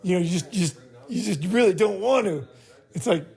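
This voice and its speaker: A man's voice: high-pitched, lively intonation, a little fast, gravelly, a little mellow. A man hosting a group meeting, giving blunt, profane advice in a rambling way and checking in with "right?" after each point. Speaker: host leading a group meeting. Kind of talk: casual group talk, advice.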